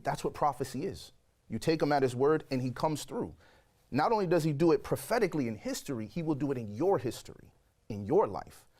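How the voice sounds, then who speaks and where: A man in his forties sits as a guest and tells his story in a lively, expressive way. His voice sits at an ordinary middle pitch, and he speaks with real conviction. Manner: animated storyteller, acts out quoted voices. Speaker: guest sharing a conversion testimony. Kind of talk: storytelling interview.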